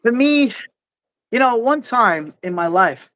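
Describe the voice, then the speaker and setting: Outdoors on a windy night under an umbrella, a livestream host with a thick Brooklyn accent chats and jokes in a very high, sing-song voice. His pace is slow and his tone bright and forceful, though the recording quality is low.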